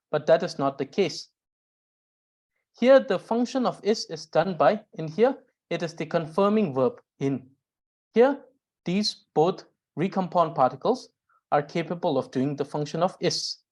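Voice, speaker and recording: A woman with a fairly low voice lectures on grammar in an unhurried, careful way. She circles back to restate each point and pauses with small fillers as she thinks. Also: darkish tone. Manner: careful, repeats and rephrases points, frequent "uh". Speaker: Tibetan grammar teacher.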